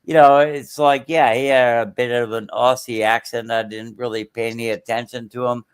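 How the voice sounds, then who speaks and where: A man tells a loose anecdote in casual podcast chat, circling back with plenty of fillers and restarts. His voice is smooth and resonant, at a middle pitch. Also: little pitch movement, moderate pace. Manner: rambling, many fillers and restarts, storytelling.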